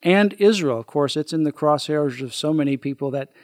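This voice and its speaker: A man's voice: on the high side, fairly quick, no room sound, studio quality. Earnest male radio host. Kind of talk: talk radio discussion.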